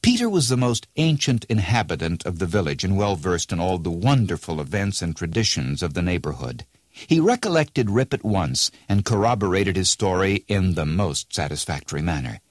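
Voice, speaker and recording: Low, lively male storyteller. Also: moderate pace, dry recording, clean studio sound. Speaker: narrator. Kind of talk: storybook reading.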